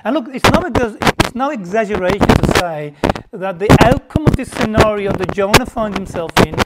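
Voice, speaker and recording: A man preaching a sermon in an emphatic, conversational way, often pausing for effect. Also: high-pitched, animated. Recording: loud background noise.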